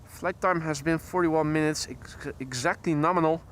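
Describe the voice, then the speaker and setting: A Dutch-accented man hosts a live plane-spotting stream from beside a runway, talking precisely and often rewording himself mid-sentence. His voice sits high and sounds bright and forward. A faint outdoor hum runs beneath him. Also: moderate pace. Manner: chatty, precise, self-correcting. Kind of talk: live commentary with chat greetings.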